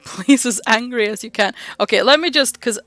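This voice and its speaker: A woman's voice: a little high, normal speed, a bit bright, dry recording, faint music behind. A Norwegian-accented woman streamer giving chatty, giggly let's-play commentary.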